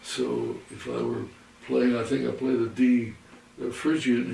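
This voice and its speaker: A man teaching a guitar lesson, explaining halting with many restarts and counting beats aloud. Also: medium pitch, big pitch swings, gravelly, warm tone, far from the mic. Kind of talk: lesson with demonstrations. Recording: roomy, from off the mic, faint noise.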